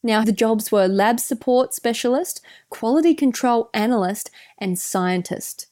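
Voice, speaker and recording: An Australian woman co-hosts a podcast in a casual, upbeat chat, laughing often. Her voice is fairly high, unhurried and a little mellow.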